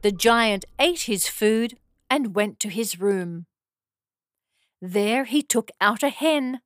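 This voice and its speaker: A woman narrating a fairy tale for children in slow, simple, clear phrasing. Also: on the high side, expressive, no echo, studio quality. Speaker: storyteller.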